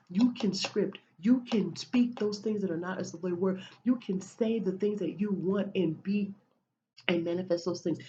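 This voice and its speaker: A woman's voice: medium pitch, dark tone, highs cut off, slight background noise. A woman giving a spiritual motivational talk, repeating and restarting her phrases in a preachy way. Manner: repetitive, preachy, many restarts. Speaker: motivational speaker.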